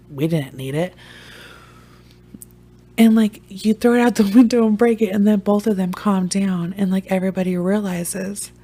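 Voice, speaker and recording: A young woman casually telling a funny, profane story as a vlogger. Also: fairly low pitch. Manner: animated, profane, joking.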